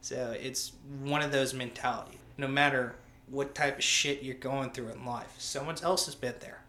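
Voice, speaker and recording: A military veteran being interviewed, telling stories in a blunt, animated way and swearing freely. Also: male voice, mid-range voice, normal speed. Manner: blunt, profane, animated storyteller. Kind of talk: casual conversational storytelling. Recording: roomy echo, faint ambient noise.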